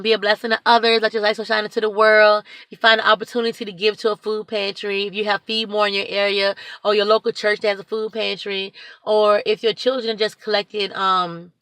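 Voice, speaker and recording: A woman who volunteers at a church food pantry, talking to camera in a chatty, excitable, rambling way. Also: medium pitch, brisk, no room sound. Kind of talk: casual talk to camera.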